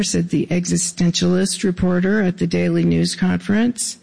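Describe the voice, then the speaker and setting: A man with a gravelly voice reading his own writing aloud to an audience, with dry, wry asides. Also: on the high side, steady tone, moderate pace, hardly any pauses, a little mellow.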